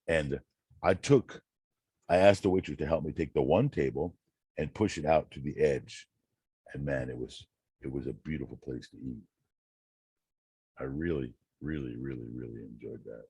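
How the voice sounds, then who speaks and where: Deep husky man musing slowly. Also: mellow, no echo. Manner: slow, drawn-out, rambling, repeats words. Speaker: channel host. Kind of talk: reading self-help quotes with casual musing.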